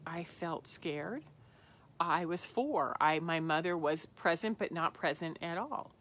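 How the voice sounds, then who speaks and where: A woman's voice: lowish voice, animated, takes it slowly, a bit bright. A woman hosting a spiritual self-help talk, earnest and reflective, often falling to a whisper on tender phrases. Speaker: podcast host.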